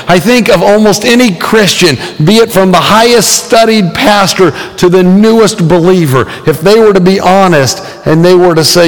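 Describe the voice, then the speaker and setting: A man's voice: sits high, normal speed, long reverb tail. A man preaching a sermon as pastor, telling stories conversationally with frequent fillers and acting out the voices he quotes.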